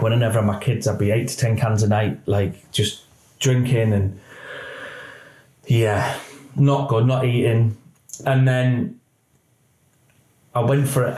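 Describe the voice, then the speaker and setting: A man, a retired police officer telling a personal story in halting speech that often quotes others. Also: medium pitch, a little mellow. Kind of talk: emotional personal account. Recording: roomy echo.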